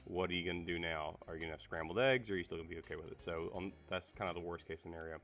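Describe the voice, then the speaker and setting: A man reviewing a non-stick pan in a casual vlog, his voice raspy from being sick, rambling with fillers and restarts. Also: deep voice, steady tone, very fast, a bit bright. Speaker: cookware reviewer.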